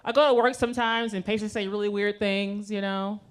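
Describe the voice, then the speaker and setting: A woman's voice: mid-range voice, fairly even intonation, fairly quick, clean tone. A woman doing a stand-up comedy set with a brash, profane, conversational delivery. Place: comedy club stage with live audience. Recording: audience laughter and noise.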